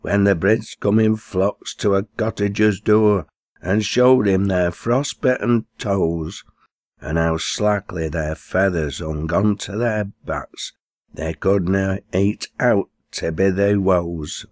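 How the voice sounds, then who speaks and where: Man, Lancashire accent, poetry recitation, very low voice, slow unhurried delivery, dry close sound. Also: darkish tone, no echo. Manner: recites broad dialect verse, lifting his voice for quoted characters. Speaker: poetry reader.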